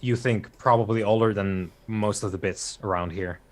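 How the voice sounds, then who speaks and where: Man, game master, low voice, halting narration with fillers. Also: fairly even intonation. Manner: halting, many fillers and restarts.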